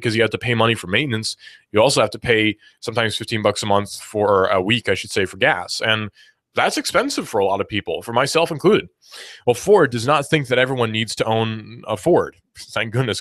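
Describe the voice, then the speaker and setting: A man's voice: fairly low pitch, a bit bright, dry recording, clean studio sound. A male radio host talking in a casual, rambling way, full of sarcastic asides. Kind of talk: casual radio talk segment. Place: radio studio.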